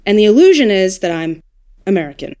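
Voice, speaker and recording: An Australian woman, an audiobook narrator and dialect coach, chatting casually on a podcast with lively asides and quick self-corrections. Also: mid-range voice.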